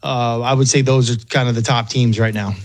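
Chatty former quarterback telling stories. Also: male voice, mid-range voice, fairly even intonation, brisk, dry recording. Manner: chatty, self-deprecating, quotes people in put-on voices. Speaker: former NFL quarterback, guest. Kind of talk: casual storytelling interview.

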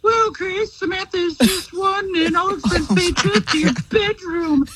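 A man doing a booming game-show announcer. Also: a little slow, noisy background. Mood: showy. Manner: over-the-top showy announcing.

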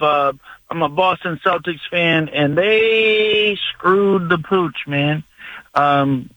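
Rambling male fan caller, bright and a bit high. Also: dry recording, poor audio. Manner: rambling, hesitant. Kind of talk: call-in sports talk.

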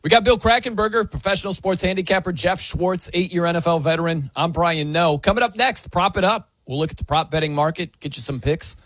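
A man hosting a sports radio show, energetic and upbeat as he introduces segments and banters with co-hosts. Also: high-pitched, fairly quick, hardly any pauses, no room sound, studio quality. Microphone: studio microphone.

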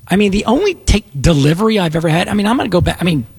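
A man hosts a talk radio show in a gravelly, husky voice that sits a bit high. He rambles and restarts sentences as he chats, with faint music under him. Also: sing-song, rapid-fire, a little mellow. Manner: rambling, self-interrupting, lots of fillers. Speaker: radio tech show host. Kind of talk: casual talk radio chat.

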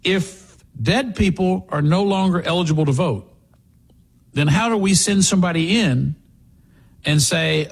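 Sarcastic, high, husky talk-radio man. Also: unhurried, pauses often. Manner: sarcastic, animated, mocking.

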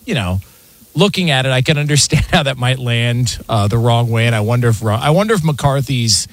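A man's voice: mid-range voice, fairly bright tone. A man co-hosting a sports radio show, telling stories in a chatty way and laughing often. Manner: chatty storyteller, laughs a lot. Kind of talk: casual sports talk.

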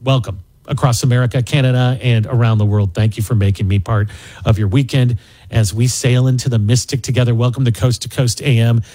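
A man hosting a late-night radio talk show, opening it with a smooth, measured broadcast delivery. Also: mid-range voice, steady tone, dark tone, low-quality recording.

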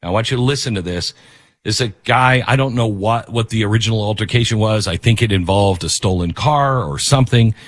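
A man's voice: fairly low pitch, a little fast, no room sound. A man hosting a commentary show, giving impassioned, preachy opinions.

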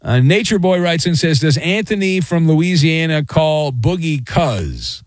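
A man's voice: fairly high pitch, sing-song, unhurried, no room sound. A middle-aged man hosting a late-night sports talk radio show, rambling and joking with self-mocking asides. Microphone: studio microphone.

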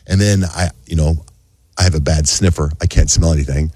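A man's voice: brisk, a little hiss or hum. A man in a casual chat, telling a story animatedly and acting out other people's lines in a raised voice. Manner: animated storyteller, acts out quotes in a high voice.

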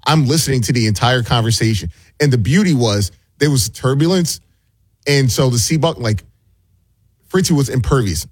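Husky-voiced man telling a dry anecdote. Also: mid-range voice, lively intonation, moderate pace, no echo. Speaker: show regular. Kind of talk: casual on-air anecdote.

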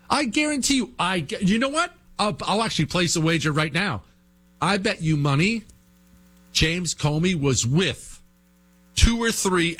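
A man's voice: a little high, fairly bright tone. A man hosting a political talk show, delivering a combative, sarcastic monologue and hammering his points home with repetition.

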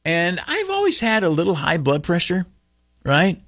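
A man's voice: a little high, measured pace, fairly bright tone, no room sound, studio quality. An older man telling a humorous story on the radio, acting out the dialogue in raised voices. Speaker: radio commentator.

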